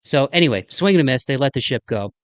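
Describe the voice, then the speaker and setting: Speaking quickly with lively intonation, a medium-pitched podcast host from the American Midwest wraps up his show solo. There's no room sound as he rambles along enthusiastically, making jokes at his own expense.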